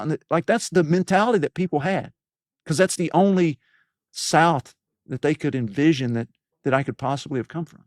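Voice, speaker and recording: A man's voice: fairly high pitch, normal speed, a little mellow, dry recording, clean studio sound. A man in his fifties from East Tennessee, telling his own life story in an interview, reflective and rambling with many fillers and restarts. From East Tennessee, USA. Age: 50s. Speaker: leadership podcast host as guest.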